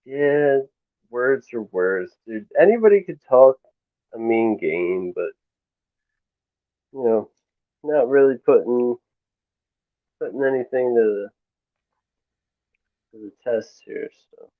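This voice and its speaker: A man's voice: medium pitch, expressive, slow, pauses often, dry recording. A man arguing defiantly in a voice chat, brushing off insults. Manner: defiant, dismissive. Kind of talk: heated voice chat argument. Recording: tinny phone-like voice chat.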